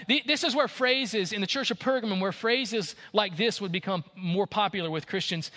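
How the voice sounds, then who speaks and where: A high-voiced man delivers a sermon with a bright, forceful tone. He preaches with lively energy and acts out the voices of the people he quotes. His words ring out with a long reverb in a big hall. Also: normal speed, hardly any pauses. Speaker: pastor.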